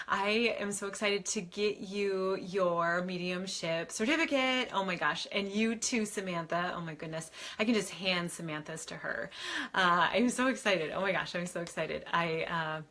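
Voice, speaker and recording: A woman hosting a live question-and-answer stream from home, gushing and excitable, laughing often as she greets viewers. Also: mid-range voice, a little slow. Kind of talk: bubbly livestream chat.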